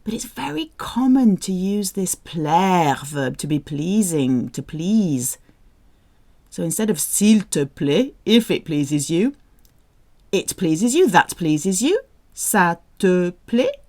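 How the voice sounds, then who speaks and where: Woman French tutor, unhurried drill pace, lively sing-song pitch, encouraging and repetitive. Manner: slow, repeats phrases, encouraging. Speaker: French teacher. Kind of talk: audio language drill.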